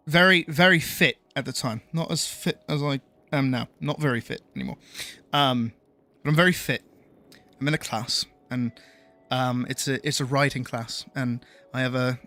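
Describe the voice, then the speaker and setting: A young man speaking slowly and softly in an English accent. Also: fairly high pitch.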